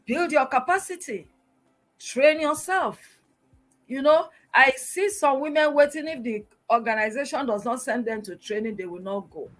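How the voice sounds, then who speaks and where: A middle-aged woman from Nigeria speaks as a guest in an interview. Her voice sits a little high, and she talks in an emphatic, exhorting way, often turning to rhetorical questions. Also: normal speed, fairly bright tone, faint music behind, low-quality recording. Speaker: guest, public relations expert. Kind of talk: interview answers, motivational.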